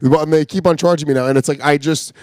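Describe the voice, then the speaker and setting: A man's voice: a little high, steady tone, quick pace, darkish tone, no echo, clean studio sound. A man co-hosting a comedy podcast, telling a profane story in casual chat and laughing often. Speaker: podcast co-host.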